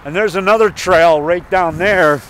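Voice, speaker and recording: A man's voice: sits high, moderate pace, fairly bright tone, slight background noise. A man giving a chatty, enthusiastic walking tour of an outdoor forest preserve by a river, repeating himself and chuckling. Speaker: indie horror filmmaker giving a tour. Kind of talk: rambling walking tour vlog.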